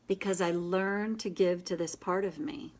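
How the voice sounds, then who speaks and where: A woman hosting a casual live session, coaching a group in an earnest, gentle and encouraging way, with quick asides. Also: on the low side, steady tone. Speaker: inner child tapping coach, host.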